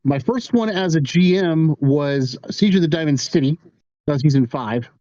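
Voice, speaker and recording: A man's voice: a little high, moderate pace, mellow, no echo, lo-fi sound. A man hosting a podcast, chatting casually and a little hesitantly. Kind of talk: casual chat.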